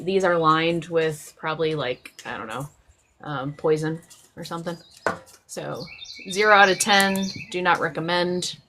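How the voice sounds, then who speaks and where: A woman's voice: low voice, a bit bright, slight background noise. A woman hosting a casual live stream chat, rambling with many fillers and restarts.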